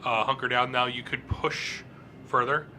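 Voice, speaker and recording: A man running a tabletop game as game master, his voice very bright and clear. He narrates scenes slowly and loosely, stopping often on fillers. A faint hiss sits under his voice. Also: mid-range voice. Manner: relaxed, halting narration with many fillers.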